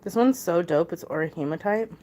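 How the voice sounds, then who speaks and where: A young woman chatting casually on a live stream while she packs bracelet orders. She talks in a chatty, animated way and fills her stories with "like" and quoted dialogue. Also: on the low side, fairly quick, slight background noise. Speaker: livestreamer selling handmade bracelets.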